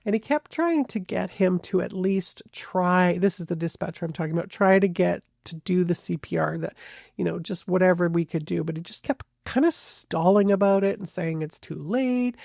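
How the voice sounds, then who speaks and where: A podcast host tells a true crime case in a loose, chatty way, often hedging and backing up mid-sentence. The voice has a gravelly, fry-heavy texture. The recording is dry and close, with no room sound. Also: mid-range voice, darkish tone, no room sound. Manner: conversational, hedging, frequent restarts. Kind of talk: casual true crime narration.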